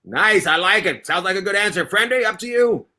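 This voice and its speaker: A man hosting a casual comedy chat over a video call, loud and playful, swearing and swinging his voice up and down. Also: sits high, expressive, a little fast. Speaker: show host.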